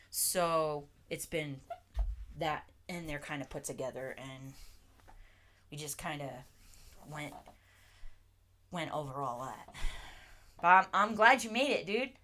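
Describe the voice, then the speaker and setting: A woman hosting a casual livestream, answering chat in a slow, halting way with frequent restarts. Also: fairly low pitch, pushed and bright. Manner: slow, halting, restarts often, talks to her dog between comments. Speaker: livestream host reading chat.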